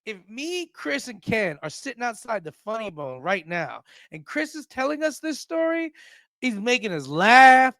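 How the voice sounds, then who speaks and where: A man co-hosting a comedy radio show, riffing jokes and slipping into quick bits of other people's talk. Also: very high-pitched, sing-song, bright, forceful tone, dry recording. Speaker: radio co-host. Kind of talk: casual comedy radio banter.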